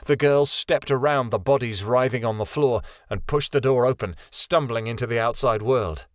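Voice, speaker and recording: This is scripted narration from a male audiobook narrator with a steady, mid-range voice at normal speed. The recording is clean studio sound with no room sound.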